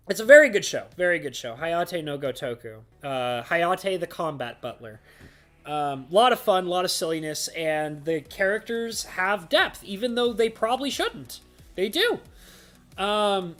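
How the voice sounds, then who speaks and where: A man hosting a relaxed live stream, talking in a loose, rambling way. He leans hard on filler words and breaks into laughter often, and faint music plays underneath. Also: high voice, unhurried. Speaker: streamer host. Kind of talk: casual live-stream chat.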